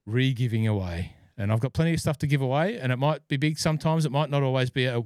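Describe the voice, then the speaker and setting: A man tells a long, rambling story in a casual podcast chat, stopping often for fillers and restarts. His voice sits at a middle pitch. The sound is dry and close, with no room around it. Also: quick pace, darkish tone, no echo. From Scotland. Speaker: podcast host and golf club fitter.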